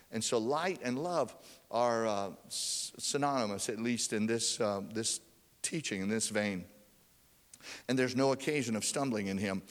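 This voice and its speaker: A man delivers a sermon from the pulpit, his voice sitting at an ordinary middle pitch. He lifts his pitch and force when he presses a point. The sound rings on with the long reverb of a church hall. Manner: preaching, rising in pitch and force for emphasis. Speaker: pastor. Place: church sanctuary.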